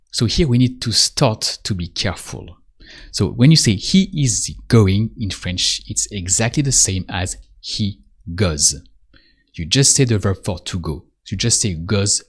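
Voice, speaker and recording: A French teacher gives a spoken language lesson, patiently repeating prompts and pausing so the listener can respond. His voice is lowish with a breathy edge.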